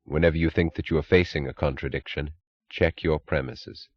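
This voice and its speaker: A man's voice: steady tone, a little fast, slightly rough, highs cut off. Man reading as a terse, guarded aloof man. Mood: cryptic. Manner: low, terse, withholding.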